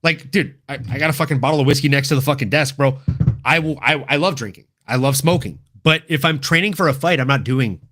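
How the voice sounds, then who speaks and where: A man hosting a casual livestream talk show, excitable and laughing often, swearing freely as he chats. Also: medium pitch, fast talker. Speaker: podcast host.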